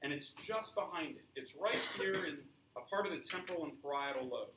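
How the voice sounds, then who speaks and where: Heard from a distance in an echoey classroom with slight background noise, a male science teacher lectures, using examples and quizzing his students. He speaks fairly quickly in a high-ish, animated voice with a bright, forceful tone.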